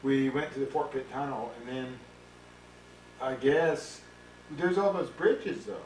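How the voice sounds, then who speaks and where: Man, mid-pitched, rambling reminiscence, roomy echo, distant mic. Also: unhurried, a little mellow. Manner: rambling, reminiscing, self-correcting. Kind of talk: casual family conversation. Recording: echoey room, distant mic, faint hiss.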